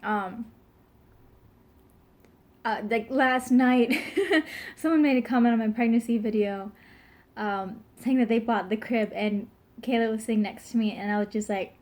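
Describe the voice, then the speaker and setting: A woman's voice: a little high, steady tone, normal speed, a little mellow. A young pregnant woman in her twenties chatting casually to camera, rambling with lots of fillers and giggles. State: pregnant, burping now and then. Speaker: vlogger.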